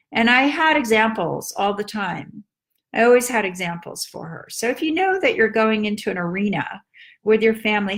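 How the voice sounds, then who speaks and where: A woman life coach giving casual advice in a calm, direct way, stretching words for emphasis. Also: mid-range voice.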